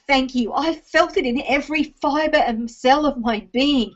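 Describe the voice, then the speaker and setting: An Australian woman with a slightly high voice tells a personal story, teary and halting, full of ums and restarts. The sound is dull and lo-fi, like a home recording. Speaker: speaker addressing an online audience. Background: rain.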